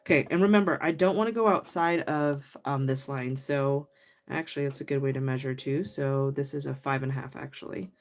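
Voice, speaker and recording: Her voice rumbles low at a moderate pace as she hosts a casual crafting livestream. She laughs and chats while working, greeting and answering viewers by name.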